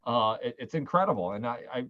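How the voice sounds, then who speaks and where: A man's voice: medium pitch, expressive, fast talker, a bit bright, dull audio. A man hosting a virtual wine tasting, chatting casually and eagerly telling stories. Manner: enthusiastic storyteller, quotes people. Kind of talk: casual chat.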